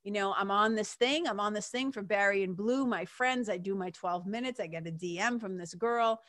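Lady podcaster, middle-aged, talks fast when excited, mid-pitch voice, dry close mic. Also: no echo. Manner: animated, gushing, fast bursts, casual swearing. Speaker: podcast host. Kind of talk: excited solo podcast storytelling.

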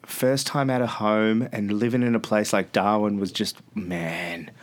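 An Australian radio host in his thirties, appearing as a podcast guest in a studio, tells rambling anecdotes in a casual storytelling interview and often laughs mid-sentence. He speaks unhurriedly in a lowish voice with fairly even intonation, with slight background noise.

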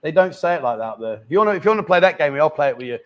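A man's voice: fairly high pitch, animated, rapid-fire, dull audio, a crowd in the background. Chatty middle-aged male show host. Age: 50s. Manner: chatty, teasing banter with guests and viewers. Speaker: live chat show host. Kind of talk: casual live-stream chat.

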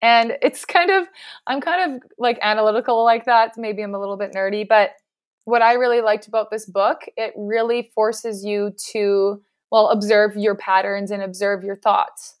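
A woman's voice: mid-range voice, steady tone, moderate pace, smooth. A woman, a physical therapist, talking at length as an earnest, reflective guest in a casual interview.

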